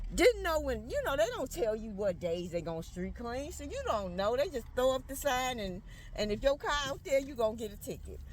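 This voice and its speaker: A middle-aged woman, filming a casual vlog on her phone and ranting in a heated, rambling way. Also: fairly high pitch. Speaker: vlogger. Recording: loud music bed behind voice.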